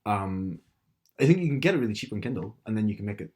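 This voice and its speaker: A man's voice: lowish voice, big pitch swings, quick pace, a little mellow. A young man with a Northern Irish accent, co-hosting a casual podcast chat and explaining at length with many restarts. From Northern Ireland. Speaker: podcast co-host.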